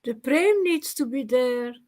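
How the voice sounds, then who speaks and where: Woman chiming in, fairly high voice. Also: expressive, a little slow, a little mellow. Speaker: participant in devotional group. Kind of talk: casual chat.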